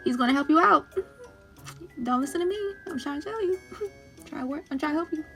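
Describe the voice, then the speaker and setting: A woman's voice: sits high, lively intonation, fairly quick, pushed and bright, faint music behind. A woman recapping a series episode in a casual chat, laughing often and teasing the characters as if she were talking to them. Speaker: show recap host. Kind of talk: casual reaction commentary.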